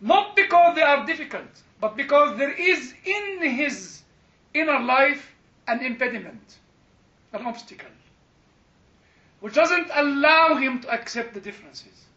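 Animated and a little slow, an older theology lecturer with a bright, high voice holds an informal class where students chime in. He rambles through anecdotes, laughs often, and says "you know" repeatedly, in a dull lecture-hall recording with lots of room sound.

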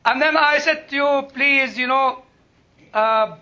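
Man, Bible teacher; very high, bright voice, slow delivery, dull lo-fi recording. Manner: slow, searching for English words. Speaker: Bible lecturer. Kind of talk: informal Bible talk. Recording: dull lo-fi sound.

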